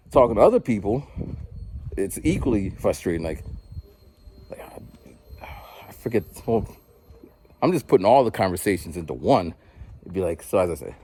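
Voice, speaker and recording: A man in his forties, a vlogger and rapper, rambles casually to the camera while out walking outdoors, slipping into other people's voices to act them out. His voice sits fairly low, with a dark, slightly rough tone.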